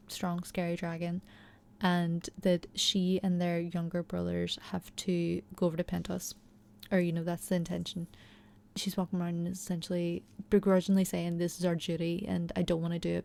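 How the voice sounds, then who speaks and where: A woman's voice: lowish voice, gravelly, mellow. A young woman giving a chatty, enthusiastic recap and analysis of a TV episode, peppered with fillers. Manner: chatty, enthusiastic, heavy use of fillers like "you know" and "like". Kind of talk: casual recap and commentary.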